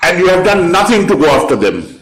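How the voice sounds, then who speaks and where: A man's voice: high voice, very animated, a little fast, fairly bright tone, slight background noise. A man, a judge sternly questioning counsel in a courtroom. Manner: stern, sharply interrogating. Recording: echoey courtroom live stream.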